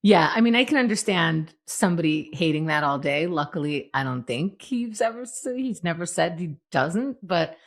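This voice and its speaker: A woman co-hosting a podcast in casual chat, playful and animated, acting out quotes. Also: fairly low pitch, moderate pace, few pauses. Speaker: podcast co-host.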